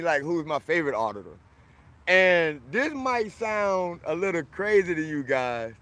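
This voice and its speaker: A man's voice: fairly high pitch, fairly bright tone, no room sound. A man from Florida hosting a casual livestream, boisterous and friendly, greeting viewers by name as he answers their comments.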